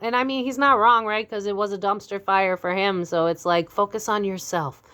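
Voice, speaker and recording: A woman's voice: medium pitch, lively intonation, normal speed, bright, forceful tone, clean tone. A young adult woman giving a casual tarot reading to camera. She is blunt and candid, swears freely and laughs often. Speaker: psychic tarot reader.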